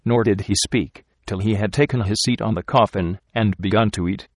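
A man narrates a story in a steady, measured way. His voice sits low, and the recording is dry and close, with no room echo. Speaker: audiobook narrator. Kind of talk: scripted narration.

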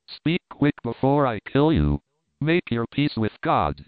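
Stern ape-man lord, menacing and commanding, as a male reader plays him; smooth tone, phone-thin sound. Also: medium pitch, normal speed, no echo, close to an everyday voice. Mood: furious. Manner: cold, threatening, commanding. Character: fierce vengeful ape-man nobleman, adult male. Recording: tinny phone-like, dry.

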